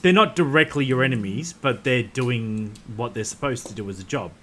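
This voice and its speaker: A man running a tabletop game as game master on a live stream, easygoing and quick to laugh. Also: medium pitch, fairly bright tone.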